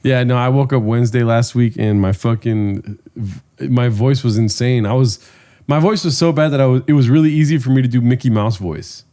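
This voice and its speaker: A man's voice: medium pitch, brisk, mellow. A laid-back man in a mid-range voice co-hosts a podcast, still getting over a cold. He swears casually and tosses out slang while he riffs. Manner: swears freely, says dude and dog. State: recovering from a cold. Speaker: podcast co-host. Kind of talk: casual chat.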